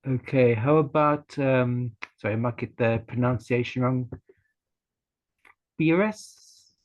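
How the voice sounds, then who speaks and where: A man's voice: medium pitch, fairly even intonation, moderate pace, muffled recording. A man casually introducing himself on a video call, rambling and hesitant, with many fillers. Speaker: community call participant.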